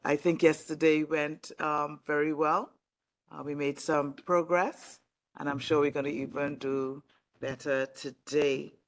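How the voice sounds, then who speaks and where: A woman chairing a formal meeting, giving brief, calm opening remarks with some fillers. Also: low voice, unhurried.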